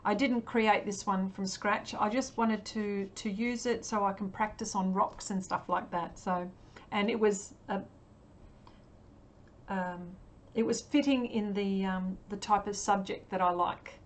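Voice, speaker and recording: A woman's voice: mid-range voice, fairly even intonation, a little slow. An Australian woman chatting casually on a livestream as she paints, answering viewers with many ums and frequent laughs. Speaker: livestream artist.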